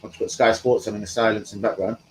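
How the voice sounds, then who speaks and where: A man's voice: on the low side, little pitch movement, fast, slight background noise, low-quality recording. A man hosting a live stream from home, chatting casually in a rambling, slangy way and talking to his viewers. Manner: rambling, slangy, talks to chat.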